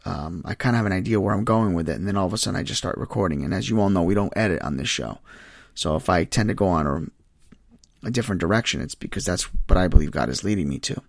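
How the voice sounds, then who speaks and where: A man's voice: sits low, fast talker, gravelly, dry recording, studio quality. A man hosting a faith podcast, sharing a personal testimony in an earnest, heartfelt way. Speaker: podcast host.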